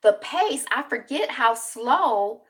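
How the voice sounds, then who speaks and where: A woman vlogger recapping a TV episode in casual, animated talk full of fillers. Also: a little high, slow, background noise. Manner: animated, chatty storytelling with many fillers.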